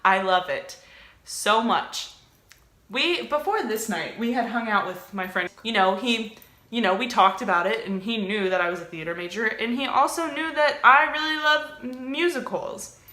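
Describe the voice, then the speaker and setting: Expressive young woman with a bright voice. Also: on the high side, moderate pace, echoey room. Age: young adult. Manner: expressive, theatrical retelling. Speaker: theater student and vlogger. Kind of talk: casual storytelling.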